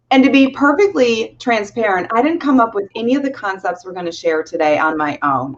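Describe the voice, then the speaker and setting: A woman's voice: fairly high pitch, muffled recording. Bubbly woman co-hosting a live chat. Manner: bubbly, laughs often, chatty. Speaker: co-host.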